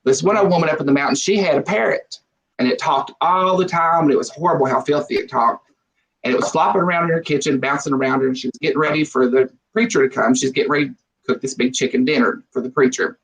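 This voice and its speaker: A man hosting a casual panel chat, telling jokes as an animated storyteller who laughs often. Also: fairly high pitch, fast, poor audio. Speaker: host.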